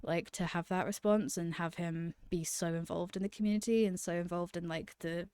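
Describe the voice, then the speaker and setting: A woman's voice: fairly low pitch, steady tone, normal speed, a little mellow, clear, resonant tone, no echo, studio quality. A young woman chatting casually to camera as a vlogger, gushing about favourite channels, laughing often and swearing freely.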